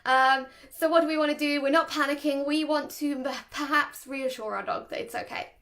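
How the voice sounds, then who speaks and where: A young woman explains handling a nervous dog in an easygoing, talkative way. Her voice sits high and bright in pitch, and she laughs easily between points. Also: fairly even intonation, fairly quick. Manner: chatty, laughs often, demonstrates voices. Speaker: dog trainer. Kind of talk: casual explanatory talk to camera.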